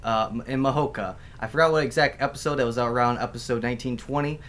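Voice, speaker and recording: A man's voice: mid-range voice, fairly even intonation, quick pace, fairly bright tone, slight background noise. A man arguing his pick on a casual panel, rambling and repeating phrases as he builds his case.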